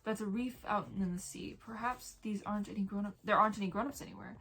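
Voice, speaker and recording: A woman voicing an excited, self-assured fair-haired schoolboy who talks in eager exclamations. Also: mid-range voice, quick pace, breathy edge.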